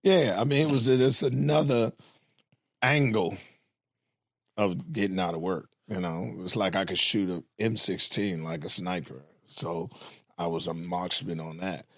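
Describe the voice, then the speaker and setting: A man with a low voice, the guest comedian on a podcast. He tells his stories in a laid-back, profane way, recorded close and dry. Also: steady tone, unhurried, no room sound. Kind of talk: casual chat.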